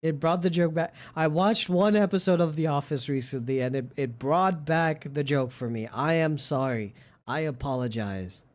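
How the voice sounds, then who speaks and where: A man streaming live, chatting casually and gushing playfully over viewer pictures. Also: moderate pace. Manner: gushing and playful, jumps into squeaky high exclamations.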